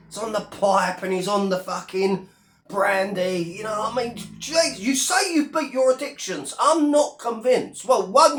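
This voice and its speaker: A man's voice: high voice, fairly bright tone, slight background noise. Sneering man ranting in an echoey room. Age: 30s. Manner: sneering, profane, taunting. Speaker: YouTuber. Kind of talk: ranting vlog.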